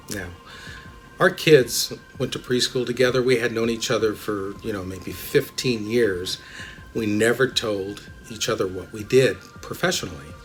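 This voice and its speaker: A man who works as an immigration lawyer, telling personal anecdotes in a relaxed, chatty way with many fillers. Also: on the low side. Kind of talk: anecdotal storytelling.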